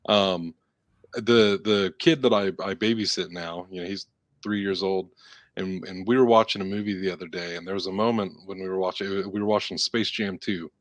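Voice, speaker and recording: A man with a deep voice and fairly even intonation co-hosts a podcast, chatting casually at normal speed. He rambles through a story packed with fillers, and the recording is dry.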